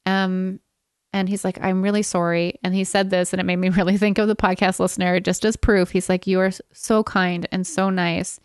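A woman's voice: fairly low pitch, level tone, normal speed, clear, resonant tone, no room sound, studio quality. A woman co-hosting a podcast, telling a rambling story in casual chat and laughing often along the way. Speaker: podcast co-host.

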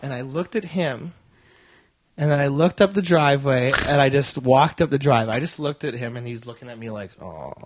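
A man's voice: mid-range voice, brisk, slight background noise. A man telling a story in casual chat, laughing and acting out the people he quotes.

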